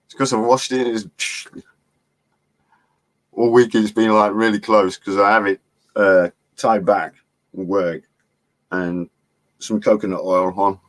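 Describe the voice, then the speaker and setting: A man's voice: fairly low pitch, steady tone, takes it slowly, long pauses, no room sound. A middle-aged man chatting loosely on a livestream, laughing often and swearing now and then as he reads the chat. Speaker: livestream host. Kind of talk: rambling live-stream chat.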